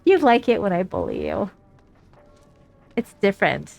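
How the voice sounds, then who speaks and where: Woman game streamer, mid-pitched, playful and profane, chatting with faint music underneath. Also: wildly swooping pitch, unhurried, creaky, darkish tone, no room sound. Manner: giggly, teasing, swears casually. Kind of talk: casual live-stream chat.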